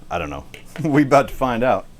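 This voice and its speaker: Brisk and sing-song at medium pitch, a man talks casually while cooking on a livestream, thanking viewers by name. He swears a bit, often stops himself mid-sentence, and keeps an unnamed affected accent going throughout, with a little hiss or hum in the audio.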